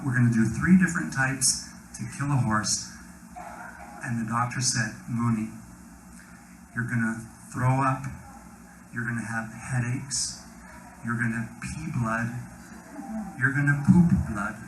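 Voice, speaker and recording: A man with an American accent giving an animated personal testimony at a live event, acting out quoted dialogue, swinging between whispers and loud bursts. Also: medium pitch, measured pace, long pauses. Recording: roomy hall sound with faint noise.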